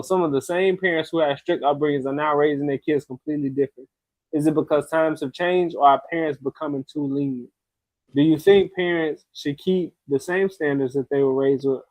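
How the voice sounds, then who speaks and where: A man's voice: a little high, a little mellow, no room sound, low-quality recording. A man hosting a casual podcast chat, teasing his co-hosts and reading a listener letter aloud. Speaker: podcast host.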